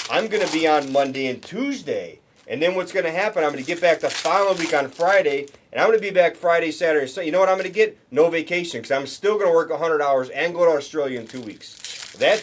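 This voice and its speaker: A man's voice: fairly high pitch, slight background noise. Rambling man hosting a card break. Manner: rambling, talks to chat viewers, restarts often. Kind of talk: casual livestream chat.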